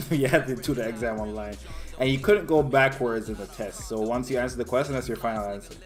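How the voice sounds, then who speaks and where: A man's voice: medium pitch, brisk, faint music behind. A young man co-hosting a podcast in loose casual chat, swearing freely and laughing often. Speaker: podcast co-host.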